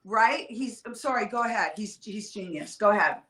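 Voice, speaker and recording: A woman telling stories in a casual, profane, animated way, as a guest on a livestream call. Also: mid-range voice, roomy sound, rough recording. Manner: profane, animated, quick storytelling. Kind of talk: casual storytelling chat. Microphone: livestream video call.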